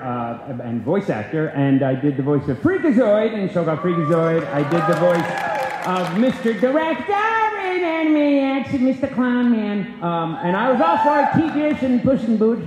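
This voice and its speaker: Comic voice actor, animated delivery, booming hall echo. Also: male voice, noisy background. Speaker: writer and voice actor, panelist. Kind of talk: comic stage reading. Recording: echoey convention hall with crowd.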